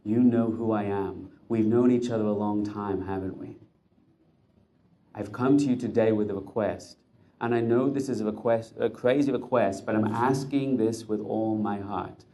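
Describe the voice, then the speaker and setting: A man's voice: on the low side, moderate pace, warm tone, close to an everyday voice. A man voicing a desperate rabbi, a camp prisoner who begs earnestly for his life. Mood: solemn pleading. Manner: earnest, begging with mounting urgency.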